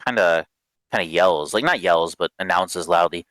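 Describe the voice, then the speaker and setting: A man narrating a tabletop game as game master in a casual, halting way full of fillers. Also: deep voice, fairly bright tone, dry recording.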